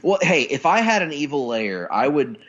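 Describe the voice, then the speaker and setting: Joking male podcast co-host, slightly high voice. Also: very animated, normal speed, fairly bright tone, dull audio. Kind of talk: casual chat watching a film.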